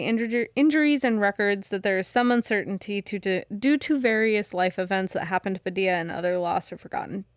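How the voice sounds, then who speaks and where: Woman, casual podcast co-host, smooth voice, dry studio sound, filler-heavy reading. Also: mid-range voice, no room sound. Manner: reads notes with many fillers and restarts, laughs easily. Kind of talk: casual podcast chat, reading research notes.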